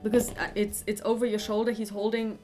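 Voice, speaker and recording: A woman's voice: medium pitch, flat delivery, fairly quick, a little mellow, faint music behind. A woman narrating a tabletop horror game as game master, friendly and hesitant, with many fillers.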